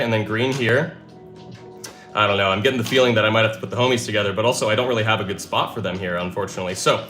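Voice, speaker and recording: With a lowish, slightly bright voice, this live streamer works through puzzles out loud in excited chatter. He cheers each time he cracks one.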